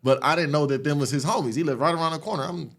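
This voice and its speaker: A man from the Los Angeles area, a podcast guest retelling his past in an animated, streetwise, profane way. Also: a little high, rapid-fire, gravelly. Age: adult, after an 18-year sentence. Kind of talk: casual storytelling interview.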